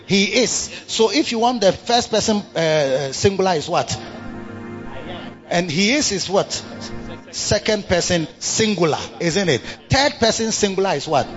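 A man preaching a sermon. He repeats himself and swings between low murmurs and loud bursts of emphasis. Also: animated, unhurried, muffled recording, over music.

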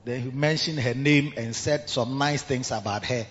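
Emphatic Ghanaian preacher in a reverberant cathedral. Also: male voice, mid-range voice, moderate pace. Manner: emphatic, call-and-response preaching. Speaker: pastor. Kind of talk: sermon. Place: large cathedral. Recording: reverberant hall, dull lo-fi sound.

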